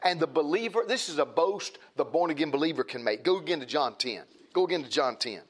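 A man's voice: fairly high pitch, expressive, fast. A man preaching a sermon, emphatic and repetitive, often restarting his phrases.

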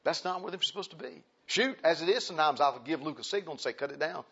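A man's voice: fairly high pitch, lively intonation, very fast, fairly bright tone, breathy edge, lo-fi sound. A man preaching a sermon to his congregation, emphatic and repeating his points, calling them brethren. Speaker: pastor.

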